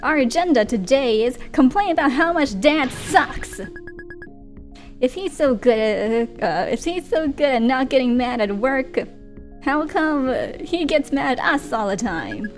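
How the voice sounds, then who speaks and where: Brief: woman as an angry defiant teen girl, talks back, higher voice. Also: lively intonation, measured pace, faint music behind. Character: hot-tempered defiant teenage girl.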